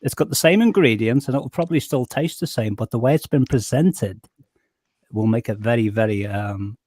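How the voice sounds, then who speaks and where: A man's voice: medium pitch, brisk, a little mellow, dry recording. A man on a video call who explains his points through stories and homely comparisons, often stammering on restarts. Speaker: panel member. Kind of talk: casual group chat on a call.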